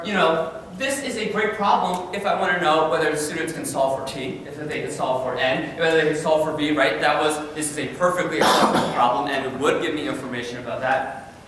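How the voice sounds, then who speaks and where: A male high school science teacher giving an energetic, animated conference presentation, often repeating words as he starts a sentence. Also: fairly quick. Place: large conference room. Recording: echoey hall from far off, faint noise.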